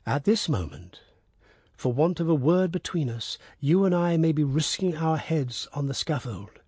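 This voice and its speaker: A man voicing a scheming revolutionary prosecutor in a storybook reading, speaking in a measured, formal, oratorical way. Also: fairly high pitch, lively intonation, a little mellow, husky, dry recording, clean studio sound. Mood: solemn.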